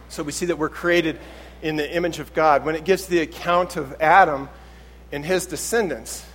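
A man preaching a sermon in church, talking conversationally and acting out little quotes as he goes. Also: on the high side. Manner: conversational and animated, acts out quotes. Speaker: pastor.

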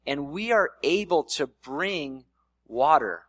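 A man's voice: on the high side, animated, takes it slowly, fairly bright tone, no echo. Conversational male pastor, dry sound. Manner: conversational preaching with playful voiced asides. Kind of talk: sermon.

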